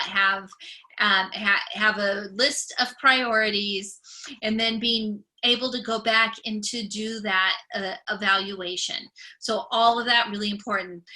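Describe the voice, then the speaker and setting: A woman's voice: fairly high pitch, pushed and bright. A young adult woman giving a recorded classroom lecture, speaking with a stutter and repeating the starts of words. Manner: stutters with part-word repetitions.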